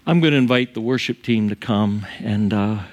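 A man's voice: lowish voice, normal speed, darkish tone, lo-fi sound. A middle-aged male pastor preaching a sermon in a conversational way, chuckling often and acting out the quotes he tells.

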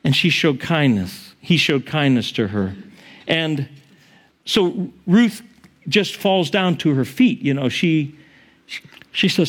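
Animated male preacher, a bit high. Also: a little slow. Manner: animated, emphatic, shifting pitch for quotes. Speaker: pastor. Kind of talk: sermon.

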